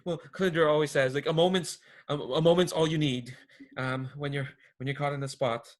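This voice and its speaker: A man's voice: on the high side, fairly even intonation, a little fast, natural voice. A man voicing a nervous young male forest creature with antlers, who stammers and frets. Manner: stammering, jittery, fretful.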